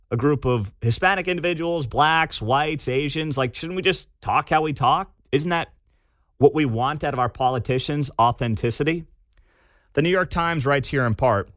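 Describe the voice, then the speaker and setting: A man's voice: mid-range voice, fairly bright tone, no room sound, studio quality. A man hosting a talk radio show, giving sarcastic, opinionated commentary and reading quotes aloud.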